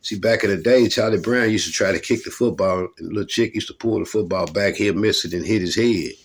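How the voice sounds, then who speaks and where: A man's voice: lowish voice, a little fast. A middle-aged man from Louisville, a rapper, telling rambling, profane stories about his hip hop days in a laid-back, casual monologue. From Louisville, Kentucky.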